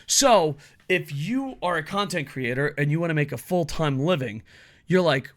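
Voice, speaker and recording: Man, solo rant, profane, blunt, bright tense voice. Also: fairly high pitch, animated, normal speed. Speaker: wrestling commentary youtuber. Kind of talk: solo opinion rant to camera.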